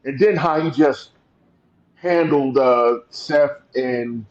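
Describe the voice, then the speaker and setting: A man co-hosting a podcast in casual chat, relaxed and stretching out words for emphasis. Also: medium pitch, takes it slowly. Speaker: podcast co-host. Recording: slightly dull lo-fi sound.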